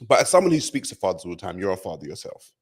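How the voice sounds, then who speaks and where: Male podcast host, low voice, earnest and emphatic, casual chat. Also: very animated, very fast, slightly rough.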